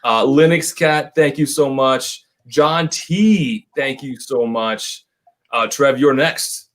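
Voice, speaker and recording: A man's voice: mid-range voice, slow, a bit bright. A man co-hosting a casual livestream chat, joking, laughing often and thanking viewers by name. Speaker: co-host of a whiskey channel livestream.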